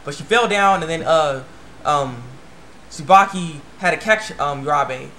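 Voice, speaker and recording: A young man with a somewhat high voice recaps an episode in a loose, rambling way. He stacks up fillers and keeps retelling scenes with "he's like". A faint hiss sits under the recording. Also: measured pace, pushed and bright. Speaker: anime reviewer.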